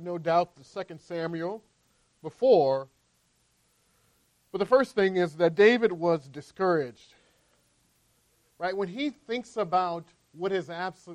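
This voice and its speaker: High-voiced man preaching a sermon. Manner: conversational preaching, frequent "right?" tags. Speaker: pastor.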